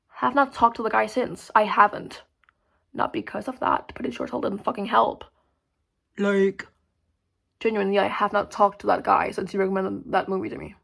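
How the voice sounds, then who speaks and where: Rambling young woman with a gravelly voice. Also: medium pitch, a little fast. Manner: rambling, filler-heavy, swearing; swings between loud outbursts and mumbled asides. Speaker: vlogger. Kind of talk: casual chat to camera.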